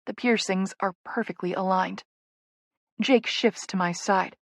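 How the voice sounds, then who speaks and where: A woman's voice: mid-range voice, measured pace, creaky, no room sound. A woman narrating a first-person romance audiobook in an intimate, playful way, on a close studio mic.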